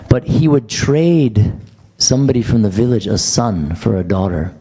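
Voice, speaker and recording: A man's voice: lowish voice, dark tone. A man giving a class at a temple, telling chatty, joking anecdotes to a gathered audience. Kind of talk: storytelling scripture class.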